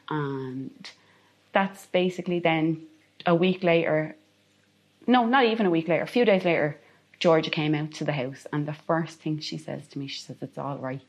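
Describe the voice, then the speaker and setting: A woman with a low, deep-set speaking voice tells a personal story of loss. She talks earnestly and haltingly, pausing and restarting, her voice lifting and pressing harder when emotion rises. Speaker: bereaved mother telling her story.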